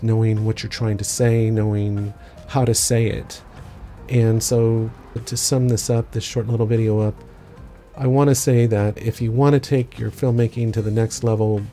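In a mellow, medium-pitched voice, a man teaching film walks through a filmmaking technique one step at a time. His explanatory lesson is sprinkled with casual asides.

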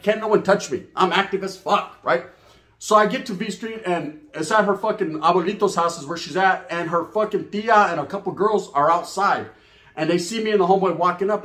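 A middle-aged man from California with a Chicano English accent tells a raunchy street story in rapid, high-pitched bursts. He talks straight to his listeners in a steady flow of slang, and the room around him is noticeably echoey. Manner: streetwise slang, acts out other voices, addresses listeners directly. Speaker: storyteller host. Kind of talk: profane comedic storytelling.

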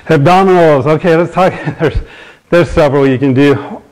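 A man's voice: a little high, normal speed, poor audio. A man in his sixties hosting a live fitness show, explaining exercises while demonstrating them and answering viewer questions. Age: 60s.

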